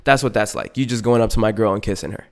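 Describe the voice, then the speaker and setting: A man hosting a podcast, telling a story in a profane, animated casual rant with frequent restarts and asides. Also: on the low side, fast. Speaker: podcast host.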